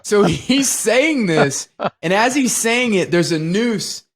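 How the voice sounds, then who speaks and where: Excitable higher-voiced man. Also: takes it slowly. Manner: animated, profane retelling of scenes. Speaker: podcast co-host. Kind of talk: casual film discussion.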